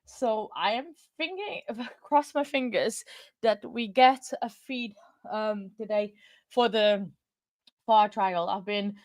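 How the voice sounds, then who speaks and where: Woman livestream host, chatty and giggly, dry close sound, middling pitch. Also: slow, darkish tone, dry recording. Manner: chatty, laughs often, rambling. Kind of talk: casual livestream chat. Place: home.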